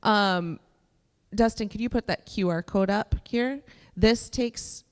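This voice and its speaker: A woman's voice: mid-range voice, takes it slowly, clean tone. A woman hosting an on-stage interview at a church service, affirming her guest and adding dry sarcastic asides. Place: church sanctuary. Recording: long hall reverb.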